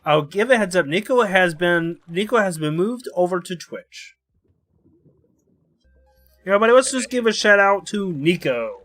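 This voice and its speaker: A man on a casual stream, laid-back, chatting and giving shout-outs to another streamer. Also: high-pitched, animated, moderate pace, pauses often, faint music behind. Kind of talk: casual chat with friends.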